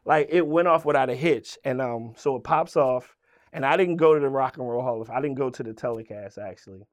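A rapper from Virginia telling stories in a casual interview, swearing freely and acting out what others said. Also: male voice, mid-range voice, brisk, no room sound. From Virginia, USA. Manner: animated storyteller, swearing, acting out quoted voices. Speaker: guest, rapper.

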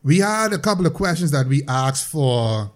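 Stammering Bahamian podcast host. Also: male voice, on the high side, very animated, moderate pace. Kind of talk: casual podcast banter.

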